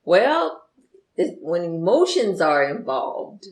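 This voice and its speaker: A man co-hosting a casual chat, calm and wry with short replies. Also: sits high, takes it slowly. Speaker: co-host. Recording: roomy room echo.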